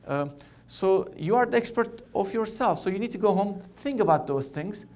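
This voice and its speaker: A middle-aged man, an oncologist, giving a conference keynote in a conversational, halting way, often repeating words. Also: high-pitched, animated, a little mellow.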